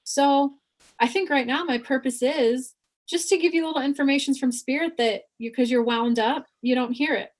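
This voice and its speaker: A woman giving a spiritual reading as a psychic medium, animated and acting out quoted voices in her own voice. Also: high voice, normal speed.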